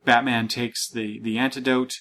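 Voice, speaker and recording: A man's voice: medium pitch, level tone, normal speed, bright, forceful tone. A man in a mid-range voice hosts a comic book podcast. He meanders, restarts his sentences and reads the panels aloud. It sounds like casual, unscripted chat. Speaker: podcast host.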